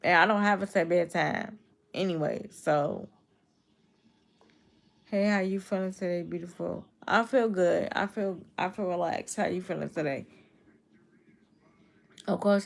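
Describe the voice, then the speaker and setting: Gravelly-voiced Chicago woman livestreaming. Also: fairly even intonation, moderate pace. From Chicago, USA. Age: 20s. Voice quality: low, gravelly voice that viewers mistake for a cold. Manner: talks straight to her chat, reading and answering comments. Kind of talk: casual livestream chat with viewers.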